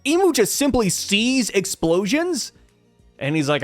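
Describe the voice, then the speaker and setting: A man hosting a comic review channel, talking through a new chapter in a casual, animated, jokey way and thinking out loud. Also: sits high, unhurried, dry recording, faint music behind. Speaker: manga review channel host. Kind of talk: casual commentary video.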